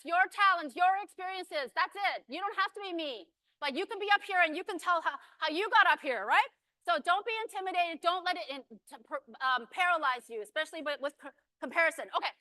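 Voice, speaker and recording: A woman giving an energetic, emphatic motivational speech on stage, hurrying through her points and rallying the audience. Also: very high voice, dry recording. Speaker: motivational speaker at a business event.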